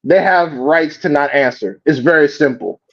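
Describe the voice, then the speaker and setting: A man with a fairly high voice hosts a live reaction stream, ranting in a loose, profane, animated way. The audio is dull and lo-fi, like a home stream mic. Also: normal speed. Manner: animated, profane, mocks others in quoted voices. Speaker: host.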